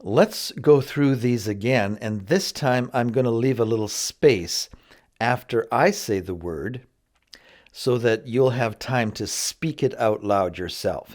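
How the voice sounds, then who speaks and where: A man teaching vocabulary in a slow, careful lesson, patiently drawing out each word for learners to repeat. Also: medium pitch, a little mellow. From Canada. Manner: patient, drawn-out word drills. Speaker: English teacher.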